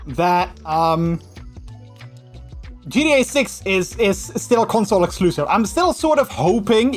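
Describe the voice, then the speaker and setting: A male livestreamer with a Dutch accent talks loosely to his chat, drifting through thoughts with plenty of "like" and "um". His sentences restart and trail off. Faint music plays quietly behind him. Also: high-pitched. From Netherlands. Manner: rambling, full of fillers and restarts; slips into mocking put-on voices when quoting. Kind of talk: casual livestream chat with viewers.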